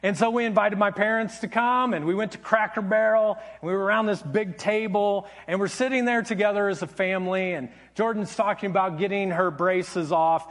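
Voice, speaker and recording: High-voiced man telling a sermon story. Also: fairly quick, few pauses. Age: middle-aged. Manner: conversational, animated anecdote-telling with wry humor. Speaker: pastor.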